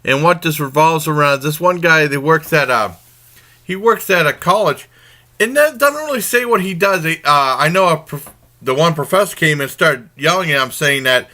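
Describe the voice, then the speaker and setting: A man with a strikingly bright, forceful voice, pitched a little above the usual, talks through a TV comedy in a casual review. He retells the story loosely and conversationally. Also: moderate pace. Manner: rambling plot retelling; informal and conversational. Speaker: TV show reviewer.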